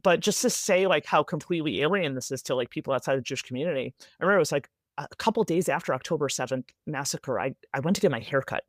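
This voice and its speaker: A woman from the United States, an author being interviewed, speaking rapidly in an animated way with many "like"s and tag questions. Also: sits low, no room sound, clean studio sound. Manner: animated, rapid, filler-heavy with frequent "like" and "right?". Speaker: author, guest. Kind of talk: conversational interview answers.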